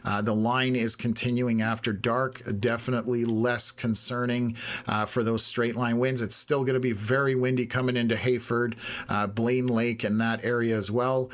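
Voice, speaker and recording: A man commentates a live storm tracker in a level, even-pitched voice. He sounds a little hoarse, as if he is losing his voice. He talks at an unhurried pace and fills his pauses with "uh.". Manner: steady, unhurried, lots of "uh" pauses. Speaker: weather stream host.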